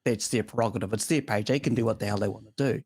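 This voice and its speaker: A man's voice: lowish voice, very fast, a little mellow, slightly rough, dry recording, clean studio sound. A man hosting a casual motorsport chat show, speaking in long, emphatic, opinionated runs. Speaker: show host.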